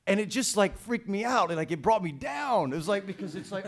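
A man on a press conference panel telling a story about acting, animated, swearing and repeating words. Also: high-pitched, fast talker.

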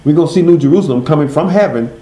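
A man teaching a Bible study. He asks his listeners questions and answers them himself, and he reads scripture slowly, stressing each word. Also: fairly high pitch, mellow, echoey room, poor audio.

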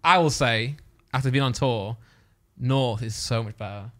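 A man's voice: mid-range voice, normal speed, a bit bright. A man with a Midlands English accent, co-hosting a podcast in loose, swear-heavy banter and laughing often. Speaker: podcast co-host. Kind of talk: casual banter.

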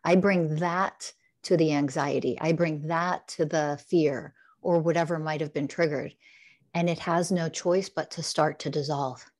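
A woman with a low-pitched voice leads a guided meditation. She speaks in a slow, soothing cadence and keeps repeating gentle affirmations. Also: fairly even intonation. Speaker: guest, spiritual teacher. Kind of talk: guided heart-centered meditation coaching.

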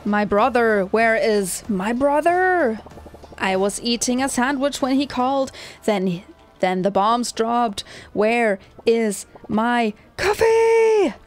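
Woman reading as a dazed coffee-obsessed game guy, slow loud ranting. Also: on the high side, expressive. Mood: frantic.

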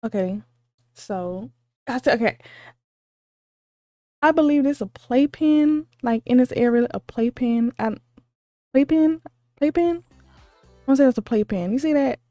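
A woman with a fairly high voice gushes through a reaction video, squealing exclamations and saying the same thing again and again. She sounds a little sleepy because it is late at night. The sound is dry and close, with faint music underneath. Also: a little slow, pauses often, mellow, no echo. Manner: gushing, squealing exclamations, repeats herself. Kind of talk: excited casual reaction commentary.

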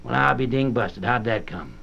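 A man reading aloud and voicing a kindly, simple, earnest runaway man in a soft rustic drawl, on a dull old record. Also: medium pitch, expressive, normal speed, vocal fry, full character voice. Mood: wondering.

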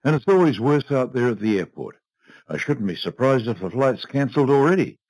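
A man's voice: medium pitch, sing-song, brisk, a little mellow, no room sound, voice pushed up, rough recording. A man voicing a cold, domineering old husband who speaks curtly and dismissively. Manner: curt, dismissive, clipped.

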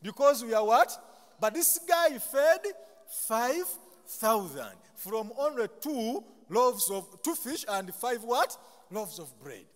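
A man's voice: very high voice, very animated, slow. A man from Buganda with a Ugandan accent, preaching a sermon in call-and-response style, leaving sentences open for the congregation to finish and adding humorous, self-deprecating asides. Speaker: pastor. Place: chapel. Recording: long chapel reverb.

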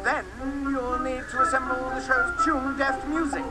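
A man's voice: extremely high pitch, level tone, normal speed, over loud music, low-quality recording. A man voicing a pompous, grandiose male theatre impresario in video game dialogue, speaking in florid, tangled words. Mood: grandiloquent. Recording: game audio under loud noise.

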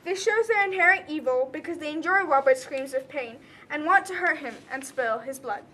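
A young woman earnestly narrates and explains a student drama presentation. Her voice is high and bright and sounds clear, with a crisp edge. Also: lively intonation, brisk.

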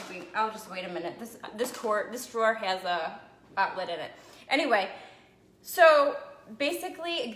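A woman's voice: mid-range voice, fairly bright tone. A woman selling essential oils in a casual live video from her home, chatty and a little out of breath after a run, often checking in with "okay?" and "right?". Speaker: essential oil seller. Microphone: phone. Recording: echoey room.

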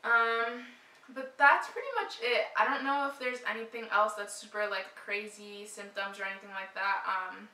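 A woman's voice: medium pitch, little pitch movement, normal speed, pushed and bright, reverberant, recorded from a distance, rough recording. A young woman vlogger chatting casually to camera, short of breath, with a lot of "like" and "um". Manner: chatty, frequent "like" and "um" fillers.

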